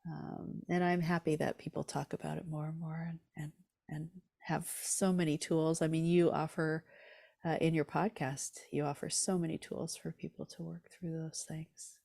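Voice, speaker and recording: A woman's voice: deep voice, level tone, normal speed, creaky, darkish tone, dry recording, studio quality. A woman guest on a podcast, speaking earnestly and reflectively about her inner life. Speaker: author and musician guest. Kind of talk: reflective interview talk.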